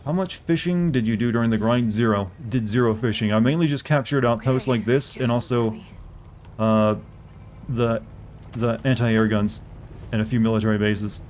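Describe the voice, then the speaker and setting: Man, casual game streamer, conversational commentary with halting restarts, light background noise. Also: mid-range voice, a little mellow. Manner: chatty, answers chat, halting restarts.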